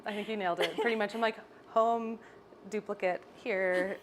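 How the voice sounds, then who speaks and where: A young woman with a Canadian accent, a salon owner chatting in an interview, bubbly and animated, often laughing as she tells stories. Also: mid-range voice, moderate pace, slight background noise. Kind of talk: casual interview chat. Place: hair salon.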